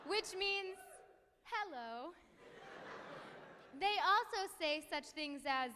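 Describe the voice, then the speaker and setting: A young woman co-hosts a college concert, drifting through jokes with plenty of ums. She talks slowly in a high, bright voice. Long hall reverb and a faint hiss sit around her. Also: lively intonation. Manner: rambling, hesitant, with many ums. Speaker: emcee at a college a cappella concert. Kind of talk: comic stage banter. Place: concert hall with a live audience.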